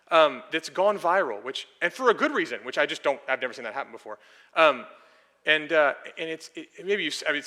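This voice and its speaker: A man's voice: on the high side, pushed and bright. A man preaching a conversational sermon as pastor, earnest and explaining each point again in new words. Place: church sanctuary. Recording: long reverb of a church hall.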